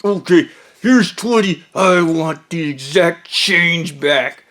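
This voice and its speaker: A dopey, pushy cult member, played by a man telling the story, drawls out his demands slowly. He sounds dull and stubborn rather than threatening. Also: on the high side, fairly bright tone. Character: dim, pushy male cult member at a dock.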